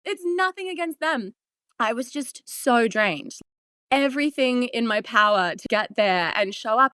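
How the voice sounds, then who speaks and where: A bright, animated woman in her thirties shares her story as a guest on a casual interview podcast, laughing often and acting out things she once said. Her slightly high voice comes at an unhurried pace, with a clean, dry, close sound and no room noise.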